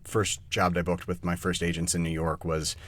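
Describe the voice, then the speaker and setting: Animated, low-voiced male podcast guest. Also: moderate pace. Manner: animated, swears casually, restarts often. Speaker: guest voice actor. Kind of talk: casual podcast chat.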